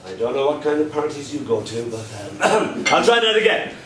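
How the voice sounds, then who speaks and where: A man doing a live poetry reading with dry, deadpan humor, slowing right down to recite his lines. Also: on the high side. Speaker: performance poet. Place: live performance at a pub club night. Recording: echoey room, distant mic, noisy.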